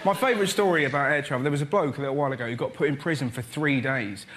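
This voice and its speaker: A man telling chatty, animated stand-up stories as a panel show comedian. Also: medium pitch, racing. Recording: loud background noise.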